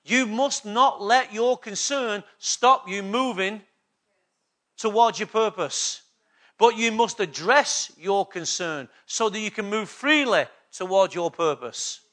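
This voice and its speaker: This man preaches slowly, his high voice pushed and bright. As pastor of his church, he's emphatic and repetitive, frequently checking in with the congregation using call-and-response questions.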